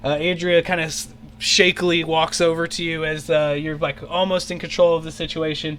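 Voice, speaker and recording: Bright, keyed-up dungeon master. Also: male voice, on the high side, flat delivery, a little hiss or hum. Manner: rambling, filler-heavy, quick to shout out character lines. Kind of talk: narrating an online tabletop game. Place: home, on an online voice call.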